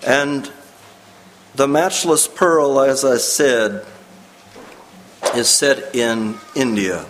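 A male preacher giving a sermon, slow and deliberate with pauses. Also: medium pitch, fairly bright tone, rough recording. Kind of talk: sermon with story reading.

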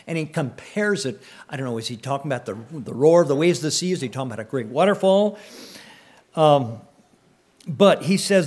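Man preaching, reading scripture aloud. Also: on the high side. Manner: reads scripture slowly, rising loud on praise words, then comments casually; clears his throat often.

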